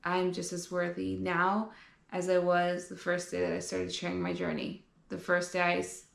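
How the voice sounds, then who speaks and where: A woman's voice: on the low side, completely flat delivery, moderate pace, gravelly, reverberant. A young woman, a fitness vlogger and coach, talking candidly and earnestly about her journey in a casual, reflective way. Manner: candid, earnest, casual with frequent fillers and some swearing. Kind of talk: reflective personal vlog talk.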